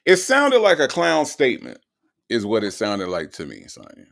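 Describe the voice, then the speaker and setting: A man's voice: mid-range voice, wildly swooping pitch, normal speed, vocal fry, a bit bright. A man hosting a show, mocking and emphatic as he reacts to recorded calls and reads viewer comments aloud.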